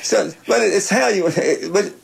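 An older man, a retired football coach telling stories in a halting, folksy way, often repeating words. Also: high-pitched, vocal fry, noisy background. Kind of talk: casual interview chat.

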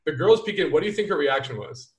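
Brief: man, a bit high, lively raconteur, roomy sound, set back from the mic. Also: fast talker, distant mic. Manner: animated, acts out quoted voices. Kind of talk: casual storytelling chat.

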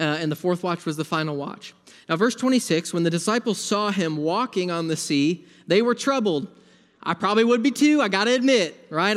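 A man with a high-pitched voice preaching a sermon in a church sanctuary. He talks to the congregation conversationally and stacks repeated phrases for emphasis. His voice rings out with the long reverb of a large hall. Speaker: pastor.

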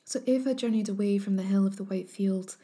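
A woman storyteller reads an old legend in a measured, solemn cadence. Her voice is mellow and warm, never bright or sharp. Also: medium pitch. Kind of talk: scripted narration of a legend.

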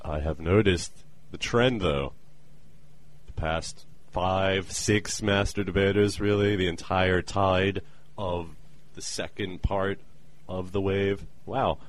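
A man's voice: low voice, fairly even intonation, a little hiss or hum. A man hosting a casual podcast, playful and jokey, talking with a co-host over a call. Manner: playful, jokey, with quick put-on voices. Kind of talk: casual chat. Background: skype call with co-host.

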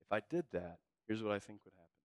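A man preaching a sermon as pastor, telling stories in a casual, slangy way and swinging from hushed to loud. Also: lowish voice, lively intonation, fast, dry recording.

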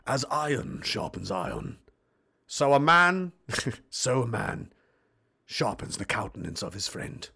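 A man putting on a refined English accent as a mean, villainous gentleman slowly reading a proverb. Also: mid-range voice, very animated, creaky, breathy edge, pitched below the performer's own voice, exaggerated voice. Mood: menacing. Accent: put-on refined English.

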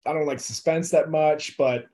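Here the young actor's voice sits a little high, with a steady, mellow tone at a normal pace. He chats casually with his interviewer in a relaxed way, dropping in plenty of fillers and laughing easily.

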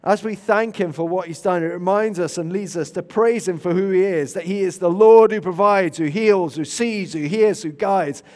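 A man preaches, his voice sitting a little high as it rings through the long reverb of a large hall. He tells stories with animation, sometimes shouting and sometimes dropping to a hushed, reflective tone. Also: normal speed, few pauses. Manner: animated, shifts to loud shouts and quiet reflection. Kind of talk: sermon with storytelling.

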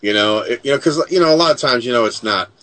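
A man's voice: mid-range voice, lively intonation, fast, bright, forceful tone. A man hosting a casual chat who talks in a rambling way, restarting sentences and leaning on filler phrases. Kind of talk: casual conversation.

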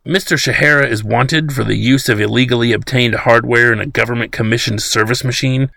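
A man voicing a stern government agent captain with a gruff, monotone, almost robotic delivery. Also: mid-range voice, a little fast, no room sound, studio quality. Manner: cold, robotic.

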